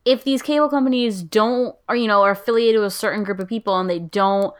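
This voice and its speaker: A woman's voice: medium pitch, fast. Candid, self-deprecating woman co-host. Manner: candid, self-deprecating, quotes herself in asides. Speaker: podcast co-host. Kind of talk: casual chat.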